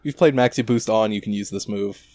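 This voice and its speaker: A man's voice: lowish voice, a little fast, a little mellow. A man co-hosting a casual podcast, recapping an anime with wry, profane remarks and frequent restarts. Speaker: podcast co-host.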